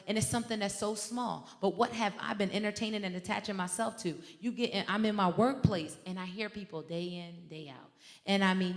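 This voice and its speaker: A woman minister, an adult with a teenage son, preaches a sermon with fervent, conversational energy, drifting into stories and addressing her listeners directly. Her middle-pitched voice carries a long hall reverb.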